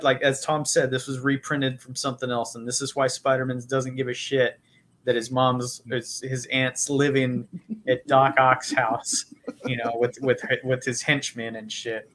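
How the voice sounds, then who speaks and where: A man co-hosting a podcast, his voice sitting in an ordinary middle pitch. He talks in a loose, casual way, swearing often and joking between points. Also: little pitch movement, a little slow, fairly bright tone. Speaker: podcast co-host. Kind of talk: casual chat.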